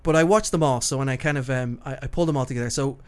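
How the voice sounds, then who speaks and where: A man's voice: mid-range voice, rapid-fire, clean tone. A man hosting a podcast in casual, rambling chat, swearing freely and laughing easily. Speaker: podcast host.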